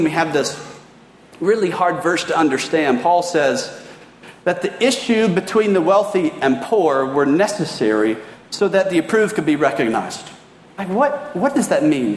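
A middle-aged man preaching a sermon in a church, talking in a conversational, animated way with casual asides. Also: on the high side, a little hiss or hum. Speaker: pastor. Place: church hall. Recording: roomy hall reverb.

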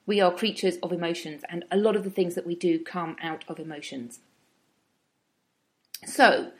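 Middle-aged woman, reflective teaching talk, thoughtful, acts out her inner voice sometimes. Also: mid-range voice. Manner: thoughtful, with acted inner-voice asides. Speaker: wellbeing speaker.

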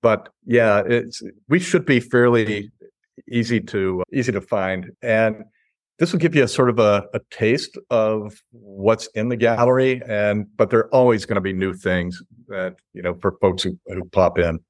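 Laid-back low-voiced man, chatty. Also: unhurried, no room sound, studio quality. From Chicago. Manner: laid-back, chuckling storyteller. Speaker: artist and gallery owner. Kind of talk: casual interview chat. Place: his gallery.

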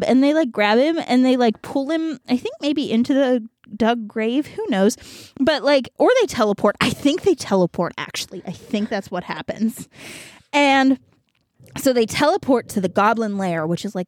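A woman's voice: a little high, expressive, moderate pace, dry recording, clean studio sound. A young woman hosting a podcast, casually retelling a story with a rambling, giggly manner and many fillers. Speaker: podcast host. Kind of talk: casual chat.

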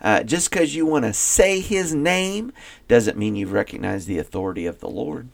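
A man's voice: medium pitch, expressive, normal speed, vocal fry. A man co-hosting a Bible podcast, talking through a passage in a chatty, thinking-aloud way with fillers and restarts. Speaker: podcast co-host. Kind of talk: casual Bible study discussion.

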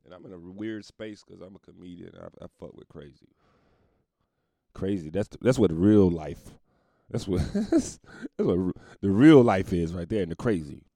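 Gravelly, animated male comedian telling a story. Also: low voice, moderate pace, no echo, studio quality. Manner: profane, laid-back, laughs through the story. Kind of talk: casual storytelling monologue.

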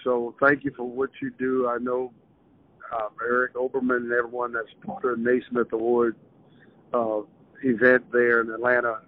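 A man in his seventies from southern Maryland, a retired basketball coach telling stories in a casual, animated way as an interview guest. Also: medium pitch, normal speed. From southern Maryland, USA. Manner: animated storyteller, acts out quoted voices. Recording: tinny phone-line audio.

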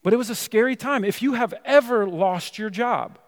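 A man's voice: high voice, moderate pace, in a large hall. A man preaching a sermon in a church, talking in a conversational way with many asides to the congregation. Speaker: pastor. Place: church sanctuary.

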